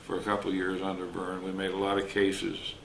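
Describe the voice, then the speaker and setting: An older retired wildlife officer telling folksy stories in an interview, acting out the voices of the people in them. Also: male voice, sits low, completely flat delivery, a little fast, creaky. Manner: folksy, anecdotal, acts out quoted dialogue. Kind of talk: storytelling interview. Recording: roomy recording with faint noise.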